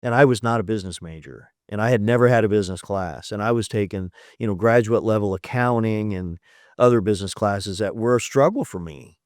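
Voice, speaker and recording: A man's voice: fairly low pitch, a little fast, darkish tone, no room sound, clean studio sound. A man in his fifties, a podcast guest, telling his story in a candid, matter-of-fact way and acting out the dialogue as he goes. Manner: retells events by acting out quoted dialogue. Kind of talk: storytelling in a conversational interview.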